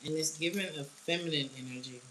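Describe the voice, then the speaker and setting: A woman's voice: deep voice, fast, noisy background. A woman giving a casual tarot reading, blunt and slangy, often laughing. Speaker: tarot reader.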